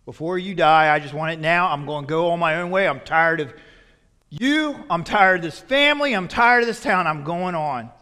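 Guy playing a fed up young son, kinda high pitched, echoey church. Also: lively intonation, normal speed, sharp tone, clear, resonant tone. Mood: defiant. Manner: demanding, fed up. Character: defiant restless young son. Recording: long reverb in a church hall.

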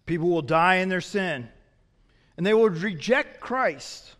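A man preaching a sermon as a pastor, swinging from loud emphatic peaks to quiet, low asides. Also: animated, measured pace, big-room sound.

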